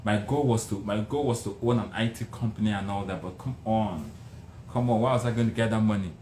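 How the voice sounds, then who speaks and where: Briskly and in a lowish voice, the middle-aged motivational speaker with a Nigerian accent relates his life story, emphatic and animated, repeating himself for dramatic effect. The recording sounds roomy with faint background noise.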